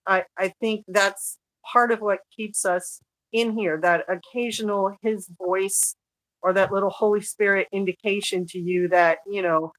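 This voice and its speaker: A woman's voice: medium pitch, fairly even intonation, a little slow, dry recording, rough recording. Woman guest speaking earnestly, dry sound. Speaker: guest author. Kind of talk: casual conversational interview.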